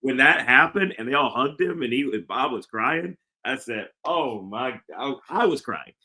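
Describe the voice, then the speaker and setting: A man's voice: medium pitch, expressive, normal speed, sharp tone. A man co-hosting a casual podcast chat, earnest and reflective, stammering into emphatic points. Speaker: podcast co-host.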